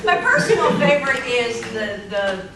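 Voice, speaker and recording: A woman lecturing to a class, telling funny anecdotes with lively delivery and frequent laughter. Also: fairly high pitch, normal speed, vocal fry, distant mic, a loud crowd. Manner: lively, storytelling, laughing often. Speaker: anthropology lecturer. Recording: echoey classroom recorded from afar, noisy.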